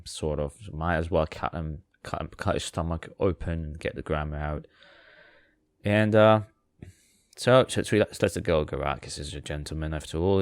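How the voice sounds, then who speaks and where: A man's voice: rumbling low, clear, resonant tone, no echo, clean studio sound. A man hosting a podcast, retelling a fairy tale with sarcastic, rambling asides and many fillers. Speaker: podcast host. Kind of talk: comic storytelling.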